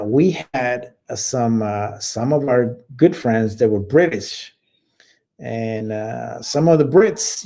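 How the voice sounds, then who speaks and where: A man's voice: mid-range voice, mellow. A middle-aged man hosting a casual chat, swearing a lot and telling rambling army stories to viewers he calls bro. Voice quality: heavy swearing, rambling with restarts. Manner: laid-back, talks to viewers as "bro". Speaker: livestream host reading viewer chat.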